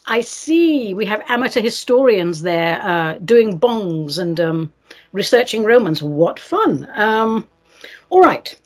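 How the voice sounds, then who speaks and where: A woman's voice: medium pitch, sing-song, takes it slowly. A woman from England, hosting a radio show and reading listener letters in a playful, theatrical, sing-song manner.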